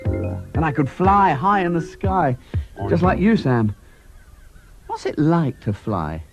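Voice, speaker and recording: A giggly, excitable young pig from a children's cartoon, put on by a man. His voice swings wildly in pitch as he exclaims with glee. It sits on a dull VHS recording with loud music behind. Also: slow, full character voice. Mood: excited.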